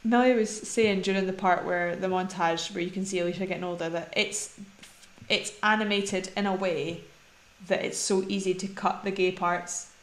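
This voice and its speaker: A woman's voice: lowish voice, steady tone, normal speed. A woman co-hosting a film podcast in a casual, rambling chat. She laughs often and trails off mid-thought. The sound is echoey and roomy. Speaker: podcast co-host. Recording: echoey room.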